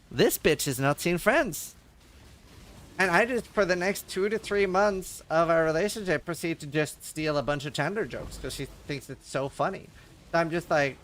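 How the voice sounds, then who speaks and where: A man's voice: on the high side, a bit bright, a little hiss or hum. A man hosting a livestream, telling rambling casual stories with plenty of swearing and laughter at his own jokes. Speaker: livestream host. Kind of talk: casual storytelling chat.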